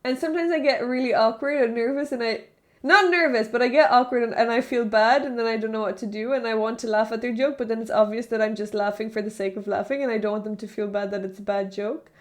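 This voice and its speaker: A woman's voice: fairly high pitch, fairly even intonation, fast talker. A woman streamer chatting casually with her viewers, rambling and often stopping herself mid-thought. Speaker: live streamer. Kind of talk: casual live-stream chat.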